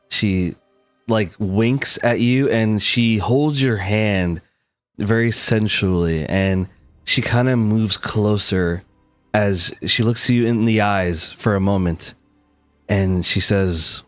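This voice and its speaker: A man's voice: lowish voice, takes it slowly, clear, resonant tone, no room sound, soft background music. A young man narrating a tabletop game as game master, loose and full of fillers.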